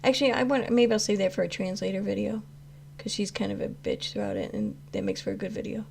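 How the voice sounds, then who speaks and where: A woman's voice: medium pitch, expressive, quick pace, vocal fry, a little mellow, slight background noise. A woman hosting a casual livestream, reacting to chat messages and rambling through her views with many restarts, some swearing and frequent laughter. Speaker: commentary channel host reading live chat.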